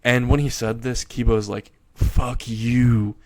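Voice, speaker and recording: A man retells a fan story in a casual, rambling way, chuckling as he goes. His voice sits at an ordinary middle pitch. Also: fairly even intonation, brisk.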